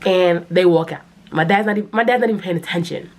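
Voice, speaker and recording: A woman's voice: fairly low pitch, quick pace, slight background noise. A woman, telling a personal story to the camera and acting out the quotes. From New York City. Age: 20s. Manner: animated, dramatic storytelling with acted-out quotes. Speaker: vlogger. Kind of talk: casual storytime.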